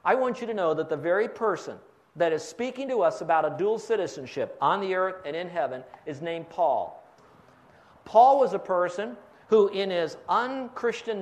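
High-voiced male Bible teacher preaching. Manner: asks the audience to fill in blanks. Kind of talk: radio sermon.

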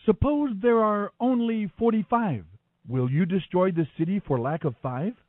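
A man's voice: high voice, unhurried, no room sound, narrow, tinny audio, pitched above the performer's own voice. A man reading scripture, voicing a humble old man who pleads and bargains. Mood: pleading.

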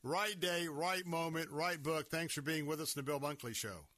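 On a studio microphone with no room sound, a man hosting a conservative talk radio show speaks emphatically and sounds worked up. His voice is a little high with a sharp tone, at normal speed.

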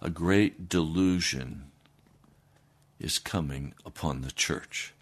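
Slow, dramatic male preacher. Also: slightly rough. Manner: dramatic, swinging between loud declarations and hushed low passages. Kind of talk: sermon.

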